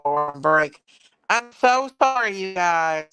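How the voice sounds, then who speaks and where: A woman's voice: lowish voice, animated, takes it slowly, fairly bright tone, soft background music. A woman hosting a casual true crime livestream, apologetic and flustered as she talks to her viewers.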